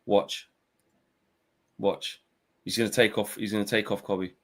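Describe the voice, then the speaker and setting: A man's voice: lowish voice, little pitch movement, measured pace. A man co-hosting a live football fan stream, bluntly complaining and muttering predictions. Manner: blunt, exasperated, muttered asides. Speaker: fan channel co-host. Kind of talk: live match-watch chat.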